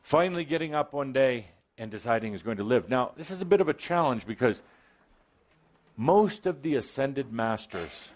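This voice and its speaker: A man's voice: mid-range voice, animated, moderate pace, darkish tone. A man delivers a spiritual talk to a gathered audience in a mid-range voice. He slips in wry, playful asides and breaks into sudden emphatic bursts. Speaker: channeler speaking to a live audience. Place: event hall with live audience.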